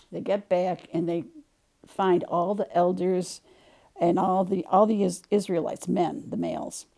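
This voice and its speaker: A woman leading a Bible study, retelling a scripture story in a gentle, conversational way. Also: fairly low pitch, creaky.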